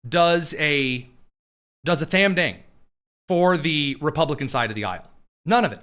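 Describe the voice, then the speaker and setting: A man's voice: on the high side, expressive, moderate pace, a bit bright. A man hosting casual political commentary, sarcastic and jokey, with frequent fillers and asides.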